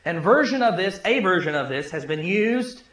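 A male pastor preaching a sermon, telling a story conversationally and dropping low and soft for emphasis. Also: expressive, normal speed. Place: church sanctuary. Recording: echoey church room.

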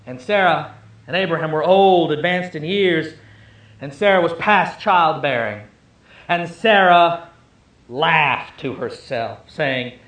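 A man's voice: on the high side, takes it slowly, a bit bright, echoey room. A male pastor preaching a sermon, telling the story with emphasis and joking asides to the congregation.

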